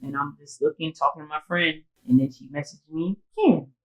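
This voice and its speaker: A woman's voice: low-pitched, fairly quick, roomy sound, rough recording. A woman telling a personal story on a casual podcast. She talks loosely and animatedly, full of "like" and "I was like," and acts out what others said. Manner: animated storytelling, acting out quoted dialogue, frequent "like"; sobering, emotional retelling. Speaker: podcast co-host.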